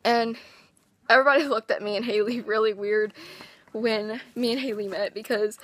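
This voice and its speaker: A teenage girl with a hoarse, worn-out voice, excitedly telling a rambling story in a casual vlog. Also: on the high side, normal speed. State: hoarse, lost voice. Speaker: vlogger.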